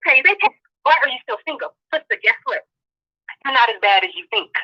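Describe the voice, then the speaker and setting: A woman guest on a talk show, delivering a passionate, profane, rapid-fire rant of social commentary. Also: high-pitched, sing-song, sharp tone. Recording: dull lo-fi audio.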